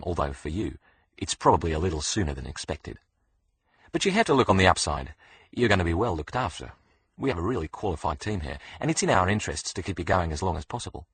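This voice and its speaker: A man's voice: low-pitched, a bit bright, slightly rough, exaggerated voice. A man voicing a blunt, casually menacing doctor in his forties with an Australian accent.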